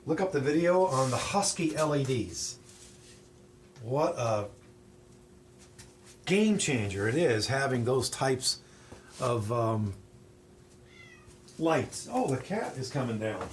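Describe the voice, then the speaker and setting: A chatty, folksy middle-aged man talks viewers through his home workshop in a lively, up-and-down voice. The phone recording rings with the room's echo, with a faint hiss underneath. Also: mid-range voice. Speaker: woodworking channel host. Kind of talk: casual how-to demonstration. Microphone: phone camera.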